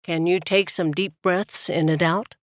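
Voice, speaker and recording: A woman voicing a caring male frontier doctor who asks his patient questions in a calm, earnest way. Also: fairly low pitch, measured pace, dry recording, clean studio sound, close to an everyday voice. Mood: gentle.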